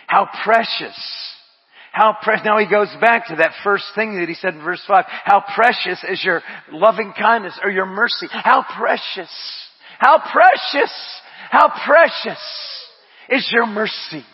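A man preaching a sermon. He drops to hushed murmurs, rises to shouted refrains, repeats his phrases and speaks in tongues. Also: sits high, measured pace, breathy edge. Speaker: pastor. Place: church sanctuary. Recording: dull audio with long hall reverb.

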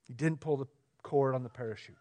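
A pastor preaching a sermon, swinging between emphatic, raised lines and quiet, low ones, often checking in with the congregation. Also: male voice, fast. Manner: asks the room questions, conversational.

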